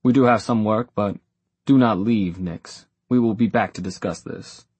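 A man voicing a stern, commanding male warrior leader who speaks in a clipped, gruff way. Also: lowish voice, normal speed, darkish tone, no room sound.

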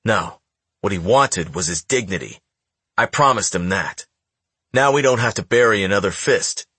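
Male reader voicing a grave young crime-clan boss, low and husky, audiobook. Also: expressive, normal speed, sharp tone, dry recording, heavily acted. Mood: grave, stern. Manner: firm, somber.

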